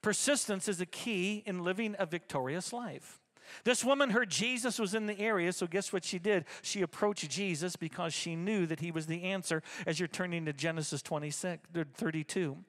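A middle-aged man preaching in church with a high, ringing voice that sits well above most men's. He drives his points home through repetition and keeps calling out to the congregation for responses. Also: normal speed, a bit bright. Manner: emphatic, repetitive, rallying the congregation. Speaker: pastor. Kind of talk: sermon. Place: church service.

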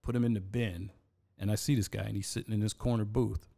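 A man telling an animated story as a podcast guest in a studio, laughing as he goes. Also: lowish voice, quick pace, creaky. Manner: animated storyteller, laughs through his tale. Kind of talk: casual storytelling.

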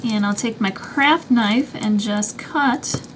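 A woman with a high, light voice walks through a craft project one step at a time, chatty and easygoing. A faint hum of room ambience sits under her voice. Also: slow pace. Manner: chatty, explains each step as she works. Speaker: craft channel host.

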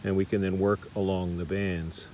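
A middle-aged Australian man with a lowish voice talks through a foot massage demonstration outdoors. He speaks casually, with plenty of fillers. Faint outdoor ambience sits behind him. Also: moderate pace, slight background noise. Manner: relaxed, chatty, with fillers. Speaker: massage teacher. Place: park outdoors.

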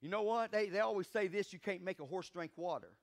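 A pastor preaches a sermon fervently, calling on the congregation to respond and building to loud, emphatic peaks. His voice sits high and he speaks fast.

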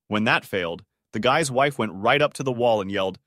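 A man narrating a string of short online stories in a steady, scripted reading voice. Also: lowish voice, fairly quick, few pauses, no room sound, studio quality.

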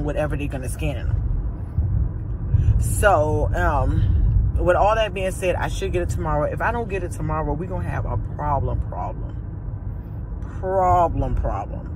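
A middle-aged woman, vlogging on her phone in a car and ranting with exasperation and repetition. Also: sits low. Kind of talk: casual vlog rant to camera. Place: in a car, later inside a post office. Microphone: phone camera. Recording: loud car and street noise.

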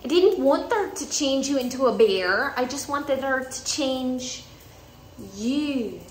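A woman's voice: fairly high pitch, moderate pace, natural voice. A headstrong young princess , put on by a woman in a vlog, with a half-hearted attempt at a Scottish lilt. The voice is a little raised and sounds roomy, with faint noise behind. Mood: defiant. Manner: weak attempt at a Scottish accent.

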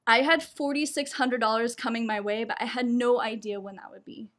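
A woman's voice: on the high side, a little fast. A young adult woman performing a personal story, laughing often and poking fun at herself. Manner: laughs often between lines, lively and self-mocking.

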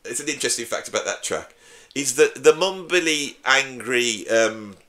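A man's voice: medium pitch, lively intonation, normal speed, bright, forceful tone. A man, a drummer hosting his own channel, talking casually and opinionatedly to camera with a joking edge. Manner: chatty, opinionated, jokey. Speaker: YouTube host and drummer.

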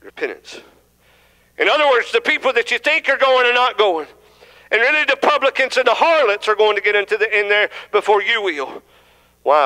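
Bright, clear-voiced preacher. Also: male voice, high voice, lively intonation, brisk, poor audio. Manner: conversational teaching, asks the congregation questions. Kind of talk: sermon. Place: church sanctuary.

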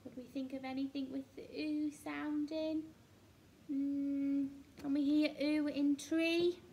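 A woman's voice: high voice, little pitch movement, slow, dark tone, a little hiss or hum. A woman teacher with an English accent, giving a recorded phonics lesson to young children and sounding out letters patiently. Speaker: reception class teacher. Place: indoors at a table with a book page.

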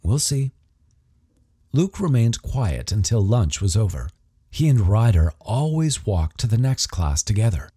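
A man narrating an audiobook in an expressive storytelling manner. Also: on the low side, moderate pace, slightly rough, dry recording. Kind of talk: scripted narration.

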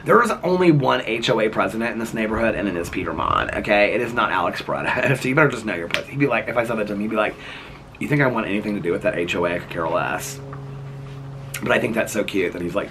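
With background noise around him, a man with a lowish voice vlogs outside his home in the evening. Talking casually to camera, he is playful, rambling and laughing with his viewers.

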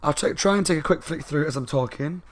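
A man giving a casual spoken book review, talking fast and loud and rambling along with asides. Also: a little high, dry recording.

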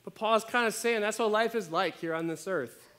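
A man delivers a sermon in a relaxed, conversational style, often tossing in "right?" to his listeners. His voice sits a bit high and moves around a lot. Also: moderate pace. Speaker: pastor. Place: church.

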